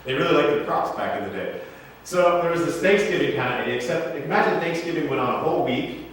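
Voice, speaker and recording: In a church sanctuary, a male pastor with a fairly high voice preaches fast, with lively intonation, joking conversationally and repeatedly asking the congregation questions. The sound comes from far off in an echoey church hall, with slight background noise.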